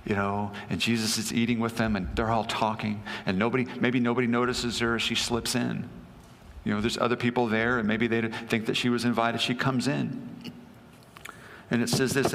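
A man's voice: medium pitch, level tone, moderate pace, fairly bright tone, in a large hall. A male pastor preaching a sermon, telling a story conversationally with asides to the congregation.

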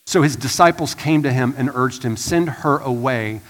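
A man preaching a sermon as pastor, swinging from hushed and slow to loud and urgent. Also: mid-range voice. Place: church sanctuary.

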